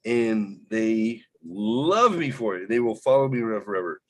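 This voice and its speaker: Husky-voiced man telling a profane story. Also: fairly low pitch, normal speed, no room sound, low-quality recording. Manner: profane, rambling and animated. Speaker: podcast host. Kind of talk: casual storytelling.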